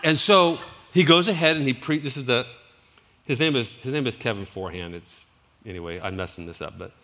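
A man who is a youth pastor, telling a story in a sermon, animated and rambling, with restarts and laughs. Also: medium pitch, fairly quick, in a large hall.

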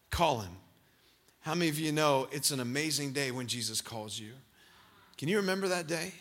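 A man preaching a sermon, rising to shouts as he acts out scripture scenes. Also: sits high. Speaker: pastor.

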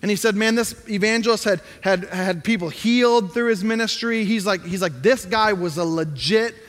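A man's voice: high voice, normal speed, fairly bright tone. A middle-aged male pastor preaching a sermon in a conversational tone that rises to emphatic pleading. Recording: hall reverb.

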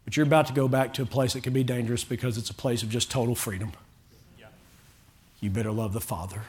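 A man preaches in church with a middle-pitched voice, speaking to the congregation in front of him. He is fervent and rises to loud, pleading calls at the high points of the sermon. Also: fairly even intonation, fast talker, husky. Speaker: pastor.

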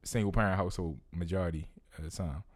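A man's voice: sits low, quick pace. A young man co-hosting a casual podcast, telling stories and acting out what other people said. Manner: animated storytelling, acting out quoted voices. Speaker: podcast co-host. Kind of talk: casual chat.

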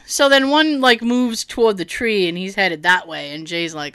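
A woman's voice: mid-range voice, moderate pace, smooth, no echo. A woman telling a story in casual chat, acting out what everyone said and swearing freely. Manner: animated, acts out quotes, swears freely.

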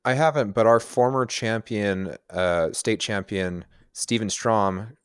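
A man's voice: fairly low pitch, slow, clear, resonant tone, dry recording, studio quality. A man co-hosting a casual podcast, speaking enthusiastically and laughing easily. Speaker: podcast co-host. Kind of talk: casual chat.

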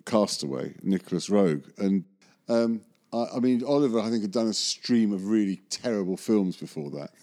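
A man's voice: lowish voice, moderate pace, mellow. A man, a magician, telling a rambling anecdote in an interview, often correcting himself and chuckling. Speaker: magician recalling film work.

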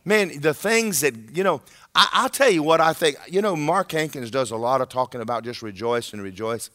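Speaking fairly quickly in a fairly high-pitched voice, a man gives an emphatic, animated sermon in a conversational tone, often checking in with his audience.

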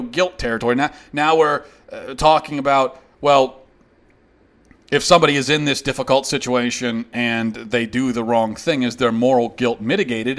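Male host, opinion monologue; heated, emphatic, sarcastic, mid-pitched voice. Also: fairly bright tone. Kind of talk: opinion monologue answering a critic.

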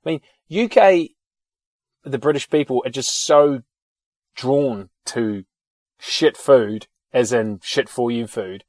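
A man chats casually, drifting through anecdotes with plenty of ums and the occasional swear word. His voice sits at a middling pitch, and the recording is close and dry with almost no room sound. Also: slow, a little mellow, dry recording. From New Zealand. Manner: rambling anecdotes with swearing and fillers. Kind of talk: casual chat.

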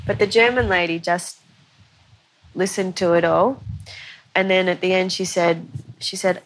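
A woman's voice: fairly low pitch, steady tone, normal speed, a little hiss or hum. A woman guest on a podcast, telling a long story in a conversational way, often saying "you know".

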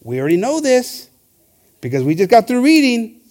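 A man preaching a lively sermon, switching between Spanish and English and shouting for emphasis. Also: very high-pitched, normal speed. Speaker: pastor. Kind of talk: bilingual sermon.

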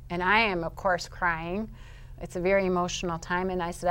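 A woman being interviewed, telling a personal faith testimony as a vivid storyteller. She drops to quiet, low narration and rises to loud, high-pitched bursts. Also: level tone, normal speed, smooth. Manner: vivid storyteller who acts out her own past outbursts. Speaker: interview guest.

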